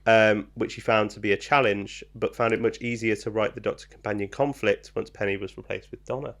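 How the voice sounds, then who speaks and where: Man, podcast co-host, gravelly low edge, reads trivia casually with lots of ums and jokes. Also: fairly even intonation, brisk, a bit bright. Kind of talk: casual chat.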